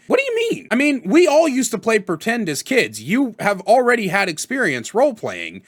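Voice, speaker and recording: Animated high-voiced man giving tips. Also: moderate pace, hardly any pauses. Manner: energetic, animated, swears casually. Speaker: tabletop gaming content creator. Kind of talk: casual tutorial vlog.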